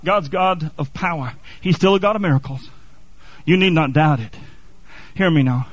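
A man's voice: fairly high pitch, normal speed, rough recording. A man preaching a sermon, impassioned and building to fervent repetition.

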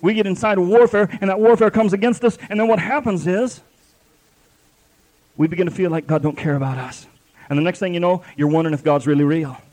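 A man's voice: sits high, a little fast, darkish tone. A man preaching a sermon at a live church service, fervent and repetitive, with folksy grammar.

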